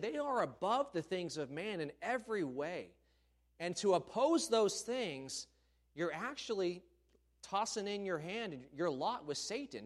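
A preacher delivering a sermon in an emphatic storytelling manner. His fairly high voice rises and falls widely as he leans into key phrases.

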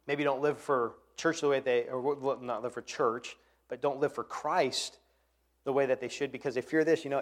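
A man preaching a sermon, swinging between quiet, earnest passages and loud, impassioned ones. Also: medium pitch. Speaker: pastor.

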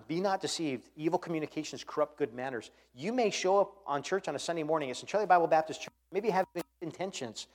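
A man preaching a sermon, swinging between quiet, earnest passages and loud, impassioned ones. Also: on the high side, quick pace, hardly any pauses. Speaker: pastor.

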